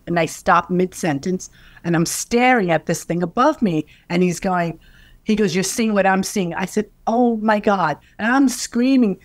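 Older woman telling a lively story. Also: lowish voice, no room sound. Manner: animated storyteller, acting out quoted voices. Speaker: interview guest. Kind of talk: storytelling in an interview.

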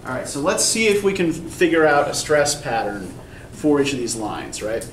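A man's voice: a little high, sing-song, moderate pace. A male college English instructor giving a classroom lecture, explaining step by step and checking in with "right?". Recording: echoey classroom from far off, faint noise.

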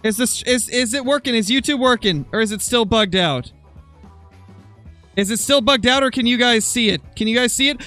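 A young man commentating his hunting game live on stream, excitable and quick to swing into loud frustration. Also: very high voice, dry recording, soft background music. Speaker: gaming streamer.

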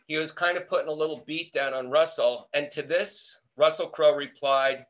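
A man's voice: a little high, a little fast, few pauses, fairly bright tone. A middle-aged American man, an entomology professor, telling a playful story in a webinar talk. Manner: storytelling, acting out quoted voices, playful. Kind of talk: lively anecdotal talk.

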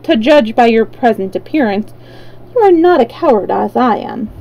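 Lady doing a polite grave lion, humble, soft warm tone. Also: a little high, lively intonation, normal speed, poor audio. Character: modest grave male lion.

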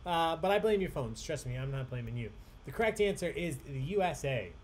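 A man's voice: fairly high pitch, expressive, brisk, slight background noise. Upbeat man hosting live trivia. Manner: upbeat, chatty, reads questions twice with emphasis. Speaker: trivia host.

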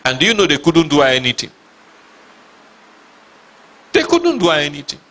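Huge pitch swings mark this slightly high, somewhat bright male voice, moving at a normal speed. He is a pastor giving a sermon, reading scripture dramatically and with emphasis while questioning his audience.

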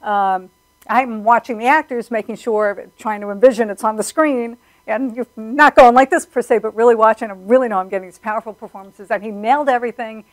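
A woman talks about her work as a filmmaker in a casual interview. She is animated and tells stories, slipping into the voices of the people she quotes. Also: fairly high pitch, a little fast, poor audio. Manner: animated storyteller, acts out quotes. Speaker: filmmaker guest.

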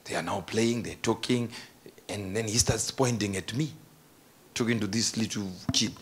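A man preaching a sermon as a story, animated and jokey, laughing between his lines. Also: on the low side, moderate pace, a little hiss or hum.

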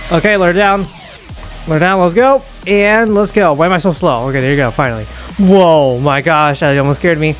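A young man commentating a horror game as he plays, muttering, whispering and panicking with rapid repeats. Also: fairly high pitch. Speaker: gaming YouTuber. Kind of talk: live gameplay commentary.

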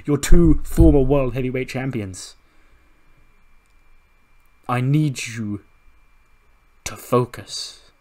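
A man's voice: mid-range voice, slow pace, long pauses, mellow, natural voice. A man voicing a male wrestler who urgently rallies his distracted teammates before a match.

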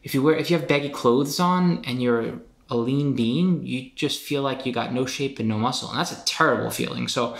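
A man's voice: medium pitch, normal speed, gravelly, hardly any pauses. An easygoing man with a mid-range voice talks through his experience on a podcast. The recording carries a noticeable roomy echo. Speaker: podcast host and bodybuilder. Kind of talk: casual podcast chat. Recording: roomy echoey sound.

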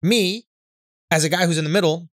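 A male podcast co-host in casual comedic chat, animated and swearing, often tagging "right?" onto his points. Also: on the high side, a little fast, no room sound, studio quality.

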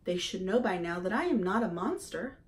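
A woman voicing a patient female robot mother who speaks in an even, measured way, reading a storybook aloud. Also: medium pitch, lightly acted. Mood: calm.

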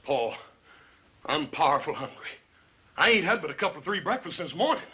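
Cast: a folksy, always hungry young rancher, husky and lively, 1950s TV western. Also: male voice, on the high side, brisk, exaggerated voice. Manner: folksy drawl, easygoing. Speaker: ranch son.

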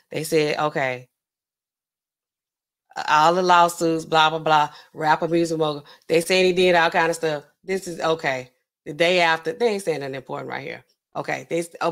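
A woman pharmacist hosting a casual livestream, chatting loosely with features, reading out viewers' comments, laughing often and reacting with big swings in her voice. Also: lowish voice. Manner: chatty, animated, laughs often, talks back to chat.

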